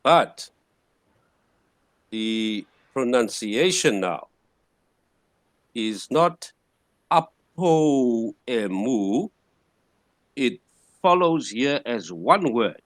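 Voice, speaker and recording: A man teaching a language class, patiently repeating words slowly to model their pronunciation. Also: medium pitch, sing-song, fairly bright tone, no room sound, studio quality. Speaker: Greek teacher. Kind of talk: classroom lecture.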